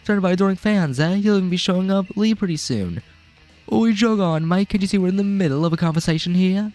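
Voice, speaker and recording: Guy doing a hyped british game fan, chummy and fast, pitched up high. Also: soft background music, natural voice. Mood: excited. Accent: put-on British. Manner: chummy, excited, quick. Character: eager young male fan of a trainer.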